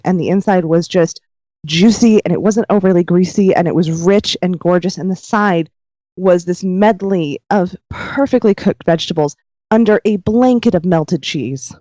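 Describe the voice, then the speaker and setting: A woman's voice: fairly low pitch, moderate pace, no echo, highs cut off. A woman co-hosting a podcast, telling stories in casual banter, swearing freely and laughing often. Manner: laughs a lot, swears freely, animated storytelling. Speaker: podcast co-host.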